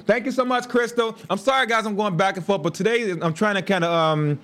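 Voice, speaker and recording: A man's voice: high voice, brisk, few pauses. A man, telling stories casually on a livestream with laughs and asides. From Chicago. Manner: animated storytelling with laughs and asides. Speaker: livestream host.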